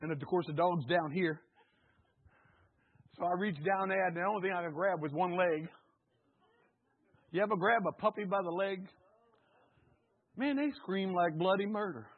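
A man preaching a sermon, calling out questions to the congregation and rising to shouts. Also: high-pitched, normal speed, long pauses. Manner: call-and-response, rising to shouts. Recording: tinny phone-like sound.

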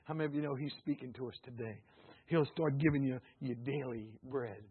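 A man preaching a sermon. He swings from soft asides to loud, shouted climaxes, with chuckles along the way. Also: medium pitch, fairly quick, breathy edge. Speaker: pastor. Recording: tinny phone-like sound.

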